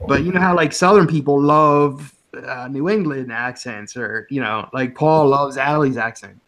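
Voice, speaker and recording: A man's voice: mid-range voice, moderate pace, a bit bright. A man from the Philadelphia area hosting a casual chat, rambling and chatty, often breaking into laughs.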